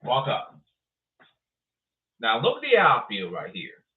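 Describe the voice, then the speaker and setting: A man hosting his own podcast, talking through sports clips in a rambling, excitable way and repeating himself. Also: medium pitch, takes it slowly, breathy edge. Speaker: podcast host. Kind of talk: casual solo podcast commentary. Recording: tinny phone-like sound.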